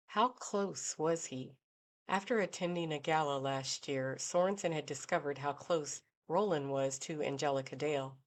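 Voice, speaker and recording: Reading from a script, a low-pitched female audiobook narrator tells a novel's story in a steady, measured manner.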